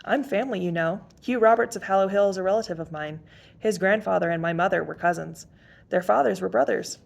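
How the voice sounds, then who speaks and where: A man's voice: high-pitched, fairly quick, vocal fry. A woman reading aloud and voicing a teasing, amused hooded male rider in a cheerful, mocking tone.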